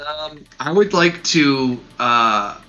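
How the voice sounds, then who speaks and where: A man playing in a tabletop game, speaking in a halting way with fillers as he declares his moves. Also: a little high, lively intonation, sharp tone, muffled recording, soft background music. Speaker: player. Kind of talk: tabletop role-play.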